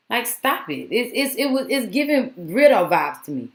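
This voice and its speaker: A woman's voice: on the high side, sing-song, normal speed, echoey room. A woman vlogger giving casual, exasperated commentary that rambles with many restarts.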